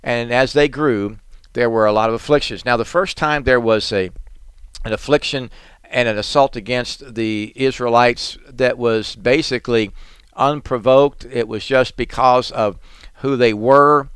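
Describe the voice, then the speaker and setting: A man's voice: medium pitch, fairly even intonation, unhurried, a bit bright, clean tone, no room sound. A man preaching a sermon, explaining scripture earnestly and stressing key points through repetition.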